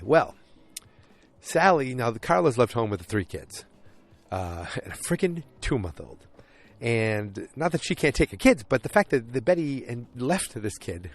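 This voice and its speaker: A man hosting a podcast, casually recapping a TV episode and acting out characters' lines in quick put-on voices. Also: medium pitch, sing-song. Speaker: podcast host.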